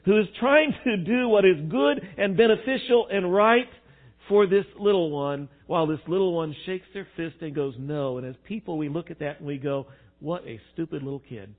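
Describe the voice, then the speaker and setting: A man preaches with lively swings between hushed, reflective passages and loud, emphatic bursts. His voice sits a little high for a man. The recording is thin and tinny, like a phone line. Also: normal speed. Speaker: pastor. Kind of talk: sermon.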